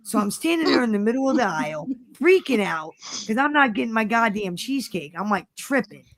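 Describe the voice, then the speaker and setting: A podcast host with a slightly high, brisk voice tells a rambling story on her casual chat show. She's animated and swears constantly, acting out quotes of what she herself said.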